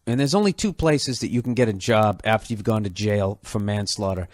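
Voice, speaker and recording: A man with a fairly high voice tells a story as a comic rant, swearing freely, getting animated, and mimicking the people in it. The recording is dry and of studio quality.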